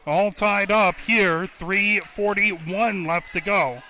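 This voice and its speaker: A high-pitched man does radio play-by-play for a basketball game, naming every pass in a rapid running call and getting louder when someone scores.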